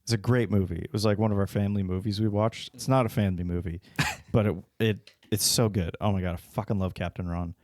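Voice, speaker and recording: A man's voice: fairly low pitch, steady tone, fast talker, hardly any pauses, a little mellow, dry recording, clean studio sound. A man co-hosting a podcast in casual chat, joking and swearing freely. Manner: joking, swears, laughs at own bits. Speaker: podcast co-host.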